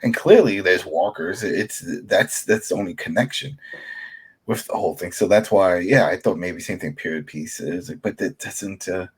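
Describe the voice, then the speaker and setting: Husky low-voiced man, blunt podcast critic. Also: normal speed. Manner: blunt and opinionated, acts out quotes. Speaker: podcast co-host. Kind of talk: casual review chat.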